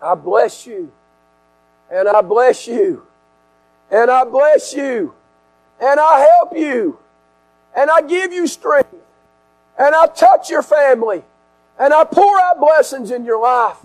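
A man preaching a sermon, swinging from shouts to hushed asides. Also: very high-pitched, slow, pauses often, low-quality recording. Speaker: pastor. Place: outdoor tent service. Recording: mains hum in background.

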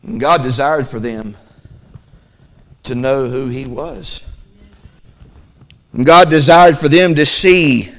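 A male pastor preaching a midweek sermon in church, rising to loud, fervent peaks and dropping to quiet, hushed talk, often repeating and restarting phrases. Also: mid-range voice.

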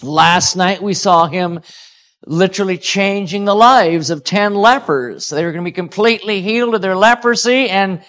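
A man's voice: high-pitched, moderate pace, a bit bright. A man preaching a sermon, praying and telling stories in an earnest way. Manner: earnest, storytelling with chuckles.

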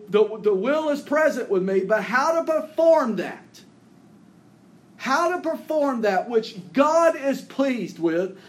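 Slow, high-voiced male preacher. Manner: earnest preaching, drawn-out phrases that drop low and soft at the ends; reads scripture aloud with rising emphasis. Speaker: pastor. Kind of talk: sermon.

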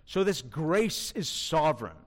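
Slow, animated high-voiced male preacher. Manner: emphatic, asks the listeners rhetorical questions. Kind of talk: sermon.

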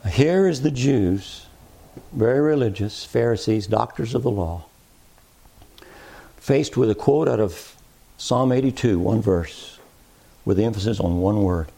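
A man's voice: lowish voice, lively intonation, unhurried, creaky, long pauses, mellow. A man preaching an expository sermon, with rising, emphatic cadences.

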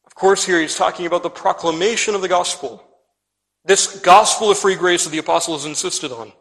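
A man preaching a sermon with pointed emphasis, swelling on key phrases and dropping to quiet endings. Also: high voice, a little fast, vocal fry, in a large hall, low-quality recording. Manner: pointed, rising and falling emphasis, trailing off to quiet ends.

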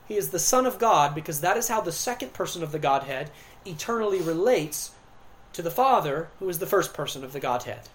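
This sermon comes from a woman whose voice sits on the low side and is expressive. She slows to stress key words and alternates loud emphasis with hushed quiet.

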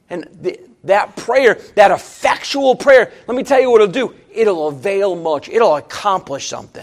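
A pastor in middle age delivers a fired-up sermon. His voice sits very high for a man and leaps across a wide, lively range. He drops into quiet asides, then climbs into loud, emphatic refrains. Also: normal speed, few pauses. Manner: emphatic preaching, swinging from hushed asides to shouted refrains.

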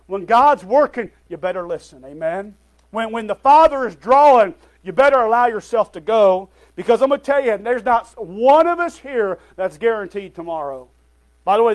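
A male pastor preaching a sermon to his congregation, calling out "Amen?" and "folks" often and sometimes stumbling over his words. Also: high-pitched.

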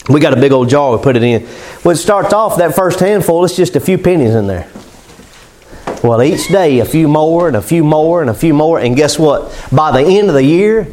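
A pastor with a notably high-pitched voice delivers a sermon. He talks to the congregation like neighbors, folksy and conversational, chuckling at his own examples. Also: a little mellow.

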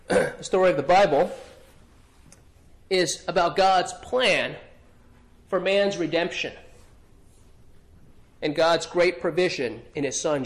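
A man preaching an expository sermon, earnest, often repeating and restarting phrases and clearing his throat. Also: sits high. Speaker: pastor.

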